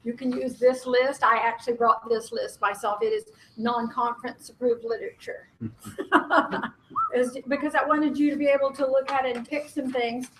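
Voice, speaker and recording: A fairly high-voiced woman leading a group workshop in a loose, conversational way. She is frank about herself and jokes at her own expense, breaking into laughs often. A faint hiss sits under her voice. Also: fairly even intonation, normal speed, a bit bright, rough recording. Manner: candid, self-deprecating, laughs often. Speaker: workshop facilitator. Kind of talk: conference workshop facilitation.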